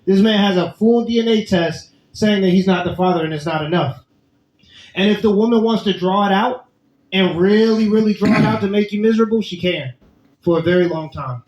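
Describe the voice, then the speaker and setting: A man's voice: sits high, a little fast, a little mellow, slight background noise. A man co-hosting a reaction show, emphatic, repeating his points for stress. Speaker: co-host reacting to clips. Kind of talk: casual reaction commentary. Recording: roomy, dull-sounding mic.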